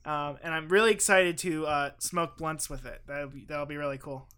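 A man's voice: on the high side, steady tone, moderate pace, bright, forceful tone, clean tone. Giggly young man hosting a podcast. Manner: joking, giggly, self-mocking. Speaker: podcast host. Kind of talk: casual comedic chat.

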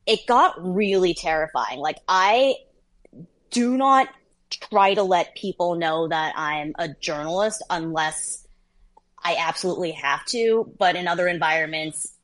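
A woman in her thirties, a journalist guest, telling stories in a lively, casual interview chat. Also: lowish voice, normal speed. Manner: lively storyteller, laughs between phrases.

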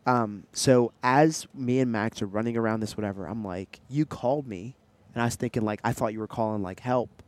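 Animated young man telling stories. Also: lowish voice, a little fast, hardly any pauses. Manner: animated storyteller, tries silly accents. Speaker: podcast co-host. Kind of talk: casual chat.

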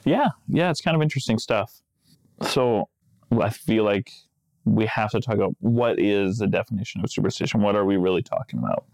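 A man's voice: on the low side, brisk, gravelly, a little mellow, dry recording. A man co-hosting a podcast in casual chat, wry and joking, laughing often. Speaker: podcast co-host.

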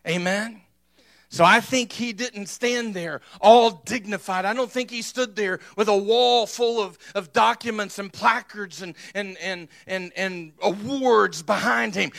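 A male pastor delivering a sermon. His voice sits high and bright, and he drives each point home emphatically, tossing questions to the congregation. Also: measured pace, vocal fry. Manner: emphatic, punctuates points with "amen?".

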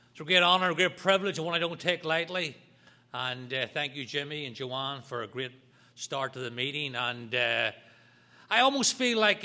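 A man with a high, bright voice gives an earnest share at a recovery meeting. He talks in a conversational, storytelling way and keeps coming back to the room in front of him. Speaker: main speaker at a recovery meeting. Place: meeting room, also streamed online.

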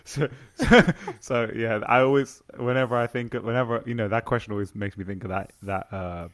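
A man hosting a casual podcast, asking questions in a halting way, often restarting and trailing off. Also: medium pitch, steady tone, a bit bright. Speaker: podcast host.

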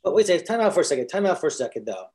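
A man's voice: fairly high pitch, very animated, racing, darkish tone, husky. Man cracking jokes on a podcast. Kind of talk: casual chat.

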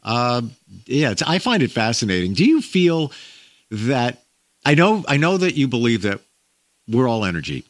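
A man hosting an interview, telling his own stories in a chatty, lively way. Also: mid-range voice, normal speed, no room sound. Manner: chatty, lively storytelling with laughs. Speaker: interview host. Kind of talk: casual interview talk.

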